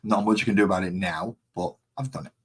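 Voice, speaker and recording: A man's voice: low-pitched, steady tone, fast talker, breathy edge. A man with a West Midlands accent, chatting casually and rambling with self-mockery while he sets up and paints on a live stream. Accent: West Midlands English.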